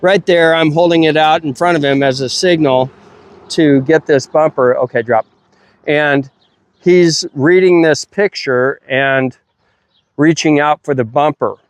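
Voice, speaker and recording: Slow-talking middle-aged dog trainer man. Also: no room sound. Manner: unhurried explaining, breaking into high playful praise for the dog. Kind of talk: explaining training while working a dog. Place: outdoors at a kennel ranch.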